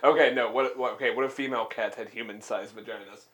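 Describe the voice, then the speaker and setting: A man's voice: mid-range voice, fairly even intonation, fast talker, noisy background. A young man in his twenties co-hosting a casual, crude podcast, often cracking up with laughter. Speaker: podcast co-host.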